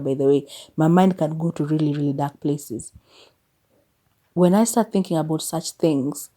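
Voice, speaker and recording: A Kenyan woman in her thirties reflects on her life in a podcast monologue. Her voice sits a little low and sounds warm and soft rather than bright. She speaks candidly, mixing in Swahili phrases, and now and then pushes her point with exasperated emphasis. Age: 30s. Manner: mixes English with Swahili phrases. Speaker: podcast host.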